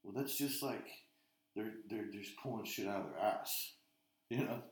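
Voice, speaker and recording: A man's voice: on the low side, normal speed, roomy sound. A man on a podcast, telling rambling stories full of swearing in casual chat. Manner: profane, rambling storyteller. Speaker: podcast co-host.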